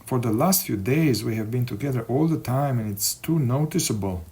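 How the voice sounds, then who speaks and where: A man voicing an anxious, affectionate young man in love, speaking softly and coaxingly. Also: mid-range voice, expressive, normal speed, lightly acted.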